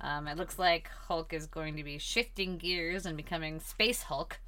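A woman's voice: low voice, steady tone, moderate pace, sharp tone. A woman co-hosting a podcast in casual chat, teasing and laughing often, recorded in a comic book store. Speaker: podcast co-host.

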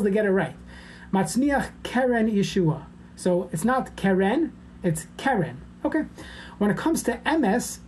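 Woman, class teacher, mellow tone, casual explanatory lecture style. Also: fairly low pitch, a little hiss or hum. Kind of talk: informal lecture.

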